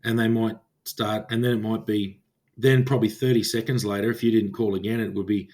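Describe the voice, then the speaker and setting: A man's voice: lowish voice, little pitch movement, a little fast, darkish tone. A man with an Australian accent, a former police officer co-hosting a podcast and telling stories in casual chat, acting out old radio calls as he goes.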